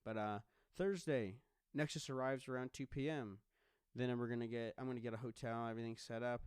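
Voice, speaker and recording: A man's voice: medium pitch, fairly even intonation, brisk, a little mellow, clear, resonant tone, no echo. Man, solo podcast host, casual rambling chat, joking and swearing, resonant voice, dead dry room.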